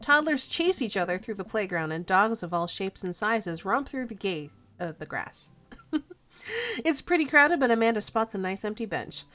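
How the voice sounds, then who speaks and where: A woman's voice: mid-range voice, big pitch swings, moderate pace, bright, forceful tone. A woman streamer playfully reading a dating game aloud and chatting with viewers.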